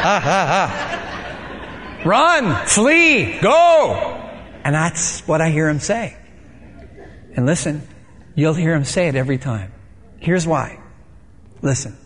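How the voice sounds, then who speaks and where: A male pastor preaching a sermon, animated, acting out little dialogues with shouts and laughter. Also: high-pitched, long reverb tail.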